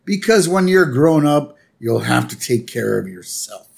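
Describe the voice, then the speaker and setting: A man's voice: mid-range voice, very animated, unhurried, creaky, exaggerated voice. A man doing Marge Simpson, a chirpy cartoon mom. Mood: prim cheerful. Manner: prim, chirpy and naive. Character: fussy cheerful cartoon mom, middle-aged woman.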